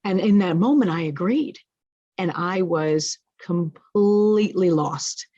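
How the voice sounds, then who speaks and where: A woman's voice: on the low side, slow, no echo. Frank storytelling woman, dull lo-fi sound. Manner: frank, expressive, self-deprecating humor. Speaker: interview guest. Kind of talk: candid personal storytelling.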